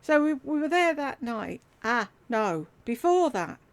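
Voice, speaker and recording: A woman's voice: sits high, very animated, unhurried. A middle-aged woman, candidly telling a personal family story with wry humour and the odd swear word. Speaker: YouTuber telling a life story. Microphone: desktop USB mic.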